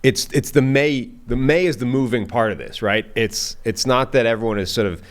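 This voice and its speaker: A man's voice: mid-range voice, normal speed. A man co-hosting a football podcast, chatting casually and thinking aloud with frequent "right?" tags. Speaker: podcast co-host, football analyst.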